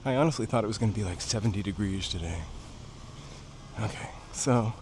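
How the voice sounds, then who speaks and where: A man's voice: fairly low pitch, brisk, a little mellow, a little hiss or hum. A man narrating casually while walking outdoors up hillside stairs, a bit out of breath from the climb. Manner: chatty, slightly out of breath from climbing. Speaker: vlogger.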